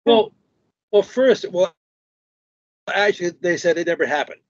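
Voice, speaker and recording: A man's voice: sits high, a little slow, dry recording, muffled recording. A man hosting a stream, chatting casually and retelling a story with other people's words. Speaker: stream host. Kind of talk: casual conversation.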